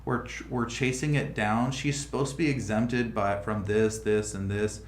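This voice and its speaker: A man's voice: on the low side, fairly even intonation, normal speed, echoey room, a little hiss or hum. A man hosting a casual livestream, thinking aloud with frequent restarts as he explains how a project is going. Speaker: livestream host.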